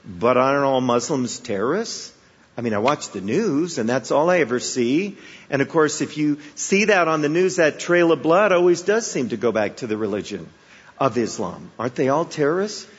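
A man's voice: mid-range voice, expressive, moderate pace, breathy edge. A man from the Chicago area preaching a sermon, telling stories conversationally and with humor, asking the audience rhetorical questions. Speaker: guest preacher. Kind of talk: sermon with storytelling. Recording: echoey hall, dull sound.

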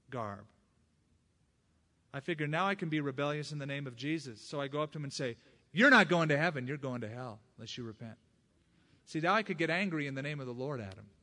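A male preacher delivering an expressive sermon. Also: a little high. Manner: expressive preaching that acts out quoted speech; personal testimony.

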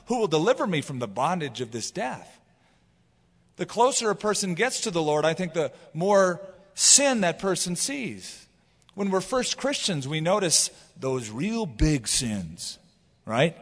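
A man's voice: high-pitched, big-room sound. A man preaching a sermon as pastor, telling stories and acting out quotes as he goes. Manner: animated storytelling with acted quotes.

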